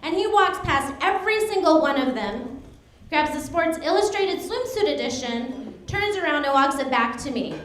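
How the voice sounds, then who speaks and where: A woman in her thirties performs stand-up on a club stage, her voice high and bubbly with big swings up and down. She laughs at her own punchlines and slips into little voices for the people in her stories. The room rings with echo around her mic. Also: lively intonation, normal speed, slight background noise. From United States. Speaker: stand-up comedian. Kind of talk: stand-up comedy set.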